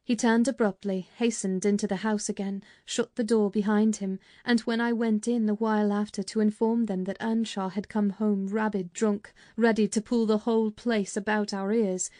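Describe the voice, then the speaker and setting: Woman audiobook narrator, warm mellow tone, dry close studio sound, measured delivery. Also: medium pitch, little pitch movement, no room sound. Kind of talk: scripted narration.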